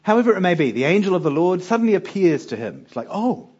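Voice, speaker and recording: A man's voice: sits high, very animated, quick pace, darkish tone, husky, highs cut off. A male preacher giving a conversational Bible teaching, often putting rhetorical questions to his listeners.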